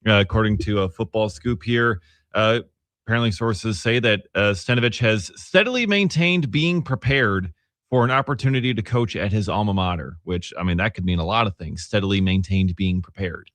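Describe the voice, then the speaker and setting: A man's voice: fairly low pitch, normal speed, fairly bright tone, no room sound. A man co-hosting a sports radio show, chatting casually and reading through a list with many fillers and restarts. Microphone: studio microphone.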